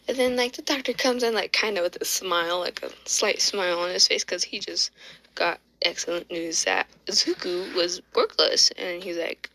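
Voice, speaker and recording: Bright, rambling woman telling a fan story. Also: medium pitch, moderate pace, dry recording, poor audio. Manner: rambling, lots of fillers and self-corrections. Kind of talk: casual fan-story narration.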